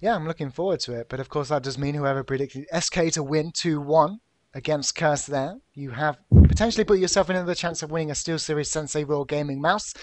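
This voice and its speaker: A male caster calling an online shooter tournament, his voice sitting a little high. He gets excitable and loud at the big plays. The sound is dry and close to the mic. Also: brisk, no echo. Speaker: esports caster. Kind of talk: live esports commentary.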